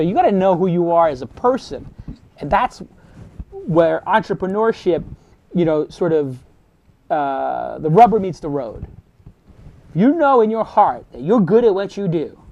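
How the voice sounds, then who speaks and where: Punchy, high-voiced male storyteller. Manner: animated, punchy storyteller with sound effects. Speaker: host giving a talk to students. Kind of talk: motivational storytelling.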